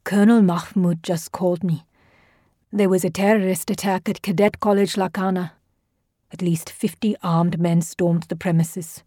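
A man's voice: high-pitched, fairly even intonation, normal speed, mellow, no echo, studio quality. A woman voicing an edgy, hot-tempered male school official. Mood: grim. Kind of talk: audio drama reading.

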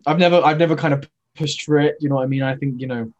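A man's voice: a little high, fairly even intonation, quick pace, a little mellow, highs cut off. A man, a stage actor, chatting as an interview guest over a video call, rambling with many fillers and restarts.

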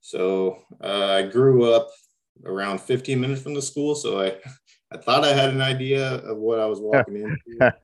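A young man from Missouri, newly named varsity coach, speaks hesitantly as a guest on a casual interview, full of ums and restarts. He's a basketball coach with a mid-range voice at normal speed.

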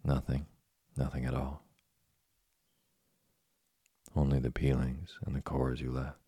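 A man's voice: very deep voice, normal speed, no room sound. A man reading as a kind old woodcarver father. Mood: gentle. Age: older. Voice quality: gravelly, husky. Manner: gentle, calm and moralizing.

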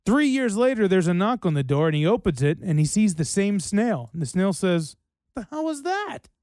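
A man in his thirties hosts a radio show, his voice high and bouncing all over the place. He rattles off dad jokes and slips into little put-on quotes along the way. The studio sound is dry and close. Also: expressive, fairly quick, darkish tone, dry recording. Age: 30s. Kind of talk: casual radio chat.

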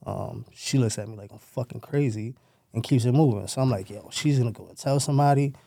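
A man's voice: mid-range voice, fairly quick, vocal fry, dark tone, no room sound, clean studio sound. A man, telling his own story in loose street slang with plenty of profanity and rambling asides. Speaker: former gang member telling his story. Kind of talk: casual storytelling.

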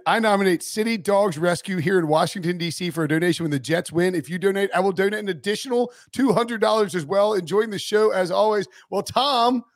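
Higher-voiced man, dry and close. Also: vocal fry, no room sound. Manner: chatty, laughs easily, stumbles over words. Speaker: podcast co-host. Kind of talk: casual sports podcast chat.

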